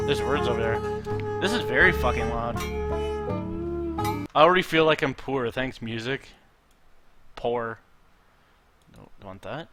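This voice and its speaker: A man's voice: medium pitch, very animated, a little slow, long pauses. A man streaming a game, joking and swearing casually as he reads on-screen text aloud. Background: game music.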